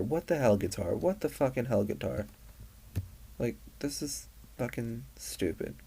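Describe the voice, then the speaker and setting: A man's voice: fairly low pitch, expressive, unhurried, creaky, dark tone, a little hiss or hum. A man reacting with outrage, stammering and swearing as he reads out screenshots. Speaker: commentary YouTuber.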